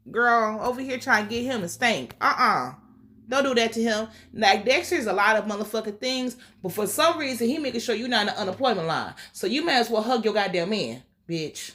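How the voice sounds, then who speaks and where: A woman's voice: a little high, lively intonation, fairly quick, bright, forceful tone. A woman recapping a TV episode in a sassy, profane, casual way, acting out the characters' lines as she goes. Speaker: TV show reviewer.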